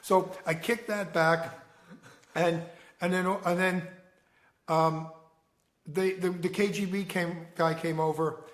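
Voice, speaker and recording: Animated older man retelling a story. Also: sits high, slow, pauses often, echoey room. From United States. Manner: rambling, animated retelling with laughs. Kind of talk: casual storytelling conversation.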